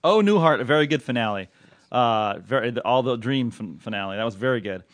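A man's voice: mid-range voice, fairly quick, dry recording. A man hosting a casual podcast, joking and chatting with a co-host. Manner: animated, joking, reads letters aloud with flair.

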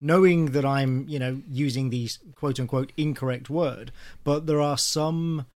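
An Englishman with an ordinary mid-range voice talks in a relaxed group conversation. He weighs his points out loud, often qualifying what he says. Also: medium pitch, normal speed, no room sound. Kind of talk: casual chat.

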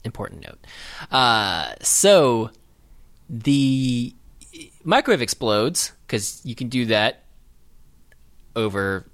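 A man's voice: mid-range voice, big pitch swings, slow, pauses often, fairly bright tone. A man co-hosting a podcast, chatting casually about a movie, rambling and laughing with lots of fillers. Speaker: podcast co-host. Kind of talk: casual movie-riffing chat.

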